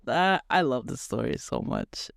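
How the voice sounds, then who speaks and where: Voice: medium pitch, very animated, a little slow, creaky, a bit bright, no echo, studio quality. A co-host in casual podcast chat who talks eagerly about old shows and sometimes brings in a Bible verse. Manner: enthusiastic, quotes scripture.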